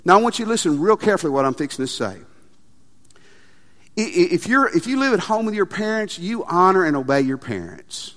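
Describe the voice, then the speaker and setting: High-voiced preacher in a reverberant hall. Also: male voice, a little fast. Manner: animated, emphatic, repeats phrases. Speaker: pastor. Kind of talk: sermon. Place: church sanctuary. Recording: long reverb of a large hall.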